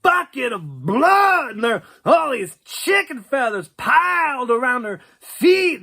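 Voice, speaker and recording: High, gravelly voice, slow, crude, laughing, cocky young man played by a man. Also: pushed and bright, heavily acted. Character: cocky young man, art-scene joker. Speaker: babysitting cousin. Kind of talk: storytelling monologue.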